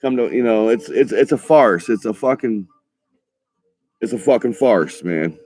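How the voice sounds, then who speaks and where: A man's voice: mid-range voice, animated, measured pace, a little mellow, soft background music. A man ranting in a heated, profane monologue for his vlog, often stumbling over his words and restarting, with a laid-back stoner drawl. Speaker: vlogger.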